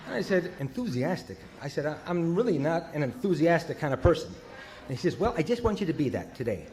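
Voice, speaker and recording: An older man telling his recovery story at a meeting, halting and full of fillers. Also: on the high side, big pitch swings, darkish tone. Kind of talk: personal recovery talk.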